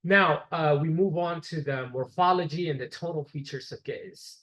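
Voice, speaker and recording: A man's voice: mid-range voice, low-quality recording. A man giving a classroom lecture, explaining step by step and repeating examples so the class can follow.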